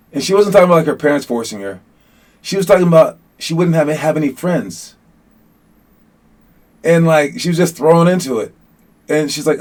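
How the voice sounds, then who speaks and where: Rambling, animated youth basketball coach man. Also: fairly high pitch, normal speed, long pauses. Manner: rambling, animated, many restarts and fillers. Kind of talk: casual motivational talk to players.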